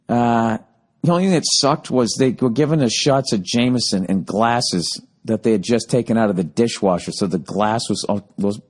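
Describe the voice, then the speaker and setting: A man telling a story on his own podcast, talking loosely and swearing constantly as he rants. His voice sits at an ordinary male pitch, and he rambles through the story in a relaxed, unscripted monologue. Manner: profane, ranting. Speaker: podcast host.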